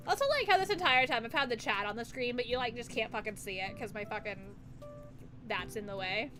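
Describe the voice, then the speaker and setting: A young woman streaming casually, giggling, bursting into loud laughter and swearing freely. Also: fairly high pitch, expressive, fast, noisy background. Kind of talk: casual livestream chat. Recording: music playing under the voice. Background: background music playlist.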